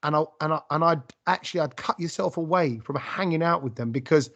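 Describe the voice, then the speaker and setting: A man hosting a casual podcast chat, his voice sitting a little high for a man. He tells stories with lots of restarts and bursts of energy. The recording sounds muffled and lo-fi. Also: a little fast. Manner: rambling, animated storytelling with many restarts. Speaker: podcast host. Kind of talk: casual conversational interview.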